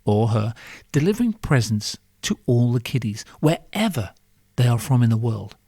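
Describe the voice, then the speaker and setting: A man hosting a podcast, ranting in a sarcastic, sweary comic monologue full of rhetorical questions. His mid-pitched voice is recorded close and dry, with no room sound. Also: big pitch swings, moderate pace, mellow, slightly rough, no room sound. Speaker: podcast host.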